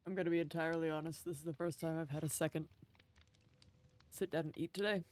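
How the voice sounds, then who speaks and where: A woman chatting casually while playing on a roleplay server, blunt and quick to swear. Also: deep voice, steady tone, a little mellow. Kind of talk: casual gaming chat.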